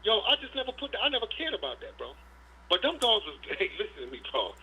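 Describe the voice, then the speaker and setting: Profane rambling middle-aged man, bright tone. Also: high voice, wildly swooping pitch, fast talker, breathy edge. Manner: profane, rambling, says "you know what I'm saying". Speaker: dog breeder guest. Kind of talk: casual storytelling interview. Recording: dull lo-fi sound.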